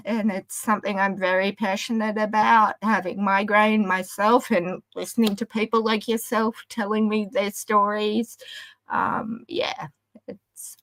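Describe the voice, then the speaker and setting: A woman's voice: mid-range voice, no room sound, poor audio. A woman with an Australian accent, a guest on a video call, affectionate and self-deprecating, calling people my love and darling. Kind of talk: casual chat.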